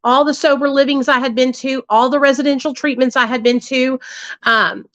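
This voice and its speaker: A woman's voice: high voice, steady tone, moderate pace, fairly bright tone, no room sound. A woman, telling her recovery story casually and bluntly, with plenty of swearing and asides to her listeners. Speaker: livestream host sharing her recovery story. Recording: dull, slightly lo-fi dry sound.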